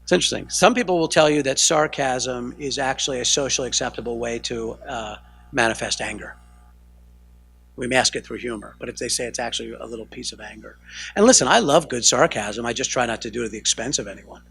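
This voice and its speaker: A fast-talking American counselor gives a conversational lecture at a family training session before a live audience. His medium-pitched voice is creaky and a bit bright with a breathy edge; he checks in with "right?" a lot and often rephrases mid-sentence.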